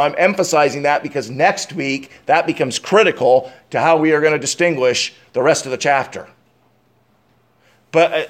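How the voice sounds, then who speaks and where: A man delivers a sermon as pastor, his voice sitting high for a man. He drives points home with repeated rhetorical questions, then drops into quieter asides.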